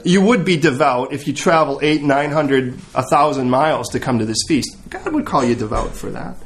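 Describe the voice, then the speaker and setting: High-voiced animated male preacher. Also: normal speed. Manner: animated, humorous storytelling, acting out scenes. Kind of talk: sermon.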